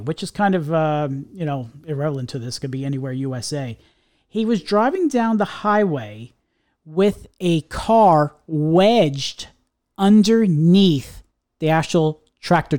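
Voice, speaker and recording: A man's voice: a little high, darkish tone. A middle-aged man co-hosting a podcast, ranting casually and rambling with lots of restarts. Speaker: podcast co-host.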